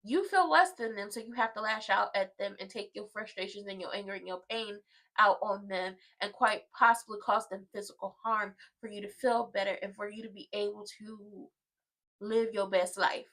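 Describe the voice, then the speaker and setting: A woman's voice: mid-range voice, normal speed, fairly bright tone, low-quality recording. A woman hosting a casual soap opera watchalong, recapping scenes with sass and drama. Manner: sassy, dramatic, acts out the characters' lines.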